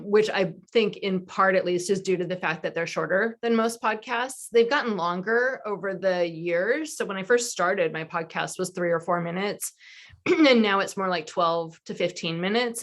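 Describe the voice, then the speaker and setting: A woman's voice: medium pitch, fairly bright tone. A woman who hosts a podcast, answering questions in a video call discussion in an upbeat, chatty way with fillers. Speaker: podcast host and author.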